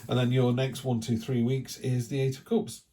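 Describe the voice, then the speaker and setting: A middle-aged man giving a casual tarot reading in a chatty, rambling way with animated asides. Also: medium pitch, normal speed. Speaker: tarot reader.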